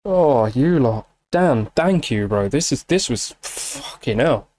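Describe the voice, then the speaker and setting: A man's voice: mid-range voice, animated, slow pace, a little mellow, a little hiss or hum. A man hosting a music reaction video, speaking casually and emotionally, with frequent swearing and fillers. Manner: emotional, gushing, swears freely, many fillers. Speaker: music reaction channel host.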